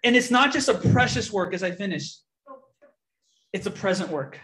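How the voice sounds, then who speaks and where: A young man giving a testimony in a church, telling his story with lively quoted dialogue. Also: high-pitched, normal speed. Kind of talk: testimony sermon.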